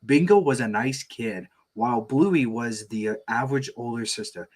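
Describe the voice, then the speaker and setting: A man hosting an online show, chatting casually and reading fan fiction, hesitant, with many fillers. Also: mid-range voice. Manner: slow, hesitant, lots of ums. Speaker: show host. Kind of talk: casual chat and story reading.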